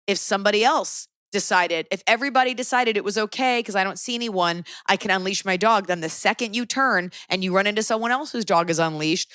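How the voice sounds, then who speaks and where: A woman's voice: medium pitch, clean tone, no room sound. Opinionated woman podcast host, dry mic. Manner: opinionated, animated, quick asides. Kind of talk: casual chat.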